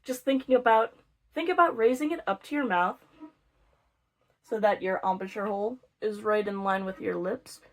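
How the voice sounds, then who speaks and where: A woman's voice: medium pitch, moderate pace. A young woman teaching beginner flute, explaining step by step with playful, self-mocking jokes. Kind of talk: casual instructional video.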